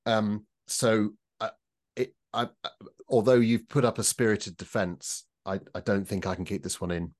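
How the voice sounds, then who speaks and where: A man with a somewhat low voice talking in a relaxed panel podcast. He weighs his points carefully and criticises in a measured way, often restarting his sentences. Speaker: podcast co-host. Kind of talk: casual panel discussion.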